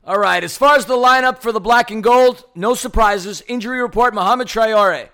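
A man co-hosting a fan podcast, ranting in a loud, heated, theatrical way from a studio. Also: sits high, moderate pace. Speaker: podcast co-host. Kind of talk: fired-up fan podcast rant.

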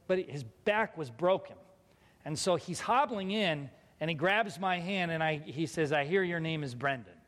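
A man with a high voice shares a personal faith story and acts out each person's lines. He speaks with strong feeling. His voice rings with the long reverb of a big hall. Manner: emotional, animated, quotes people in dialogue. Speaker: pastor telling a personal story. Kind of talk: storytelling testimony.

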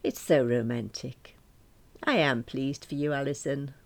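A woman's voice: a bass voice, unhurried, gravelly, a little mellow, heavily acted. A woman reading the lines of a dreamy, impressed girlfriend in an audiobook. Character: romantic, gushing woman friend.

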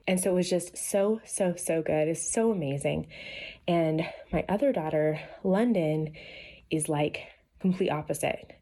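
Earnest mother talking about faith. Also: unhurried. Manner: earnest, animated, rising to a high pitch on excited or quoted lines. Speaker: mother sharing family faith reflections. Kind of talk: casual heartfelt talk.

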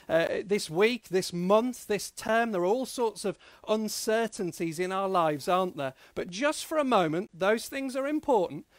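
A man preaching an energetic all-age sermon, coaxing the congregation to join in and stretching out key phrases. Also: sits high, dry recording, studio quality. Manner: drawn-out emphasis on key phrases. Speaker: pastor. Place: church service.

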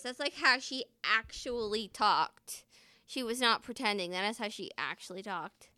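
A woman's voice: medium pitch, lively intonation, moderate pace, bright, forceful tone, smooth, no echo. A woman vlogger who chats casually and swears freely, then reads her own story aloud.

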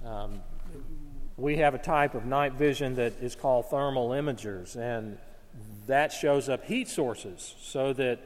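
A man's voice: medium pitch, big-room sound. A man from North Alabama, preaching a sermon in an earnest manner and often repeating words as he searches for them.

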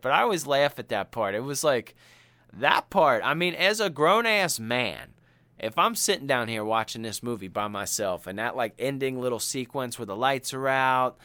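A man with a mid-range voice, recorded dry, co-hosts a podcast and chats casually. He retells a film in animated fashion, full of slang and profanity.

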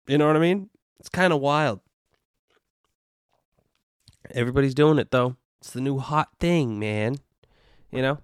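A man's voice: mid-range voice, moderate pace, clean tone, no echo, studio quality. Rambling, foul-mouthed young man. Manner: rambling and profane, heavy on "you know" and "dude". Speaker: podcast host. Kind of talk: casual solo podcast rant.

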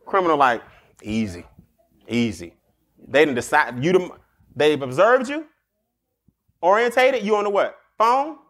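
A man hosting a show, giving street-wise motivational advice in an animated way, laughing often and acting out quick exchanges. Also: high-pitched. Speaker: podcast host.

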